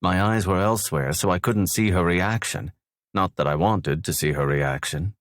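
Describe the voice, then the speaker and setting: Deep-voiced male audiobook narrator. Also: normal speed, no echo, studio quality. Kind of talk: first-person romance audiobook narration.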